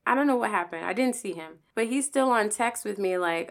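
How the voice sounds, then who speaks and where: A woman telling a candid personal story in a casual monologue, animated, with swearing and acted-out quotes. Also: on the high side, fairly quick, hardly any pauses.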